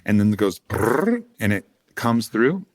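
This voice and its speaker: A man with a low voice tells a rambling, casual story as a podcast guest. He drifts through fillers and restarts, drops swear words freely, and chuckles between thoughts. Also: lively intonation, moderate pace. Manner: rambling, swearing, laughing asides.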